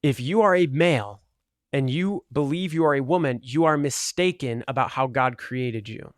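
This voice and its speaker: A man's voice: medium pitch, normal speed, no room sound, clean studio sound. A man talking earnestly and argumentatively in casual commentary over gameplay, with lots of "like" fillers. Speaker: gaming video creator.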